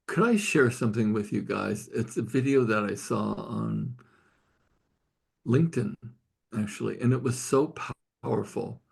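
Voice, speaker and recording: A man's voice: lowish voice, a little slow, gravelly, husky. An older man leading a study group, telling a story earnestly and tearfully, often repeating and restarting his words. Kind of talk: emotional storytelling in a group call.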